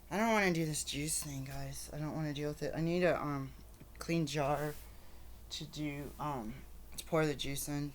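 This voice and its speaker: Low-voiced woman chatting in a vlog. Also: darkish tone. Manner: rambling, chatty, with fillers. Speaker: vlogger. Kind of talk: casual vlog chat. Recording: noisy background ambience.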